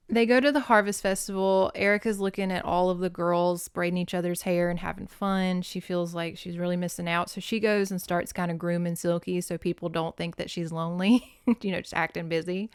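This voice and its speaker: A woman's voice: fairly low pitch, steady tone, moderate pace, clean tone, no echo, clean studio sound. A woman hosting a casual book recap, chatting, swearing and laughing as she retells the story. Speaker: host reviewing books.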